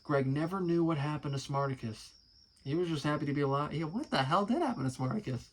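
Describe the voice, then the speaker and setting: A man's voice: on the high side, animated, fast, poor audio. A man casually reading aloud and commenting, amused and chatty, swearing now and then. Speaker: musician and video creator.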